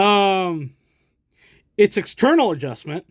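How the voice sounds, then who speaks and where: A man's voice: fairly high pitch, a little slow, long pauses, no room sound. Chatty American man showing old gear. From United States. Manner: rambling, chatty, self-deprecating asides. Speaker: collector showing vintage gear. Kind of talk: casual show-and-tell. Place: indoors, at a camera stand.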